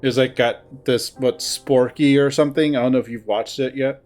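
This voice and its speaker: A man's voice: mid-range voice, steady tone, moderate pace, darkish tone, soft background music. A man on an online voice call, chatting casually, rambling with laughs and swearing. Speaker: co-host playing a visual novel. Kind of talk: casual chat.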